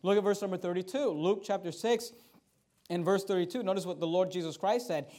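Lively and conversational, this sermon comes from a high-voiced male pastor speaking fairly quickly. He swells to loud passages and falls back to quiet asides.

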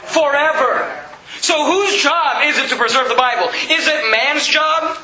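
High-voiced, emphatic male preacher. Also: unhurried, bright, forceful tone. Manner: emphatic, repeats and quotes scripture, asks the congregation questions. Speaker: pastor. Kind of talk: sermon. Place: church sanctuary. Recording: echoey, dull sanctuary recording.

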